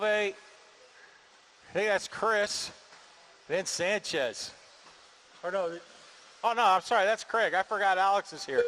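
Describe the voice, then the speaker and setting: A man's voice: sits high, unhurried, long pauses, sharp tone, slight background noise. A man announcing radio-controlled car races at an outdoor track, calling the action in a casual, joking play-by-play and directing marshals. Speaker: race announcer. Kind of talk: live RC race commentary.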